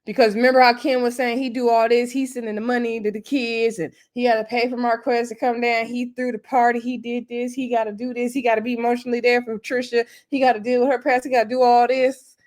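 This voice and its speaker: A woman with a slightly high voice talks through a reality show episode in a loose, conversational way. She is opinionated and retells the arguments by quoting each person. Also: little pitch movement, fast, darkish tone. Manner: chatty, opinionated, retells scenes in quotes. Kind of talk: casual recap commentary.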